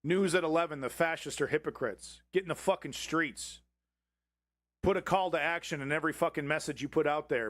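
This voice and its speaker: Brief: male stream host, angry profane rant, higher-pitched voice, dry close sound. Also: fairly quick, a bit bright, dry recording. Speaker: livestream host. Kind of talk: profane political commentary over a clip.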